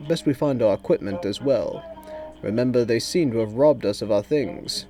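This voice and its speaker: A man voicing a calm, composed male senior spy in a storybook reading, speaking lower and more quietly. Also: moderate pace, music in the background, lightly acted.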